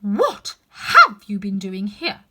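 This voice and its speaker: A woman voicing a furious queen in a storybook reading, with a shrill voice yelling commands. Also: huge pitch swings, takes it slowly, full character voice. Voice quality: shrill, screeching. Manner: yelling commands at full volume.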